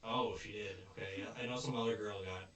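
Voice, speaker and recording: A man's voice: lowish voice, fast talker. A man casually recapping a show episode, acting out the characters' lines as he retells scenes. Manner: retells scenes with animated quoted voices. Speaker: podcast co-host. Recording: roomy echo, distant mic.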